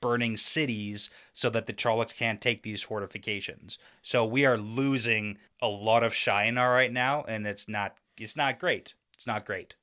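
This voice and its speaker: A man co-hosting a podcast, talking through a book chapter in a relaxed way with many "like" fillers. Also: on the low side, normal speed, hardly any pauses. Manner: explains plot step by step, many "like" fillers. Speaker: podcast co-host. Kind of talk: casual book discussion.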